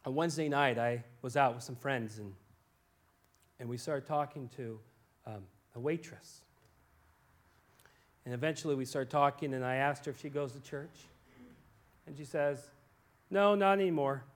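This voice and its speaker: A man preaching a sermon, going from quiet, hushed lines to loud, impassioned pleas. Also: mid-range voice, fairly even intonation, normal speed, pauses often. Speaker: pastor.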